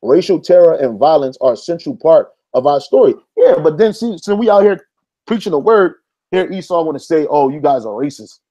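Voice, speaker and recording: Brief: man with a somewhat high, warm voice, preaching loosely over a read-aloud article. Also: animated, brisk. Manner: street-casual, peppers lines with "man"; stops to reread passages and argue back. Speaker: religious commentator. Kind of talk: informal preaching while reading an article aloud.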